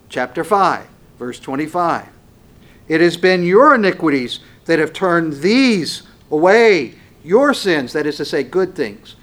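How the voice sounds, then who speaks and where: A man preaching a sermon slowly and emphatically, swinging between loud passages and hushed ones. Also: fairly high pitch, expressive.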